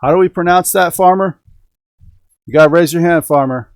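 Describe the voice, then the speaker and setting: A man's voice: fairly high pitch, moderate pace, dry recording. A middle-aged man hosting a hobby live stream from home, chatting casually and upbeat with viewers and the chat. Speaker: host of a radio-control hobby live stream. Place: home indoors.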